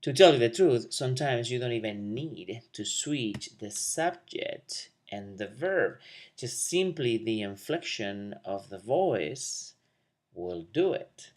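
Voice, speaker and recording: A man in the middle of the usual pitch range gives a recorded language lesson. He talks loosely between points, with fillers and quick asides. Then he slows down to model example sentences with a clear rising question tone. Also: animated. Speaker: Spanish teacher.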